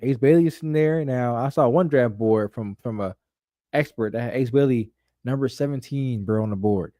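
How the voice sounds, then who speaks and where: A man's voice: medium pitch, moderate pace, dark tone, no room sound, studio quality. A young man co-hosting a sports podcast, talking emphatically and profanely in casual chat. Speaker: podcast co-host.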